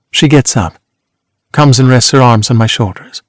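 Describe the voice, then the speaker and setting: A man narrating an audiobook in the first person, with a measured, reflective delivery. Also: medium pitch, no room sound, studio quality. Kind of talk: scripted narration.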